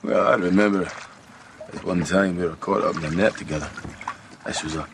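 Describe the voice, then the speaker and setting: A man's voice: low voice, fairly quick, creaky. An actor playing a boastful rugged huntsman in a film scene. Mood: teasing. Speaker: film character. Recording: film clip with loud water noise.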